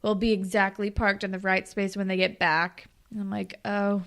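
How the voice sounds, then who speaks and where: Bright-voiced young woman recapping a show. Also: medium pitch, level tone, normal speed. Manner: recaps the plot and acts out the characters' lines, swears casually. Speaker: podcast co-host. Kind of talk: casual recap chat.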